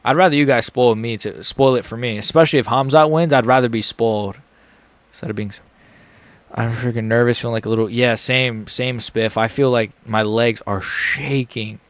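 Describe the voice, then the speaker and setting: A man's voice: mid-range voice, fairly even intonation, a little fast, dry recording. Jittery young man live-streaming a fight. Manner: nervous, rambling, swings from mutters to yelps.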